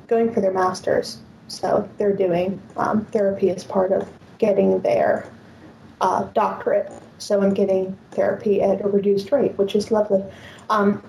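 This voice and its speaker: A woman's voice: mid-range voice, dark tone. Female caller over an echoey line with faint noise, hesitant, lots of ums. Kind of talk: casual call-in chat. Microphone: computer call.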